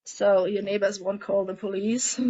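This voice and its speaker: A woman coaching a group through a guided tapping and emotion-release exercise, speaking in a gentle, coaxing way and asking many guiding questions. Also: mid-range voice, fairly even intonation, measured pace, dull audio. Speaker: emotional eating coach leading a group session.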